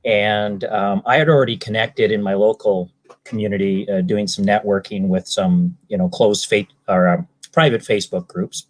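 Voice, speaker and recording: A man from British Columbia, Canada, a salesman appearing as a guest, gives rambling interview answers full of ums and restarted sentences. His voice is on the low side, fairly even in intonation, at a normal speed.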